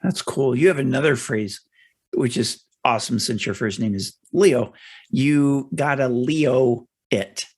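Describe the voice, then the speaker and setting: Gravelly middle-aged male podcast host. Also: medium pitch, a little mellow. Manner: measured, explanatory. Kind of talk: interview conversation.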